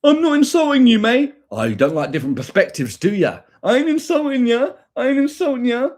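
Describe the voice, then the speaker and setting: Man doing a whiny critic, high mocking voice, husky, swooping. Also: sing-song, brisk, darkish tone, exaggerated voice. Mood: sneering. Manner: high, sneering mimicry.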